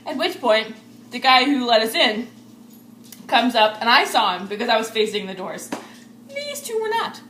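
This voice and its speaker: A woman's voice: on the high side, sing-song, normal speed, fairly bright tone, distant mic. A young woman vlogger eagerly retelling a story to her friends, laughing often as she talks. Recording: echoey room with faint noise.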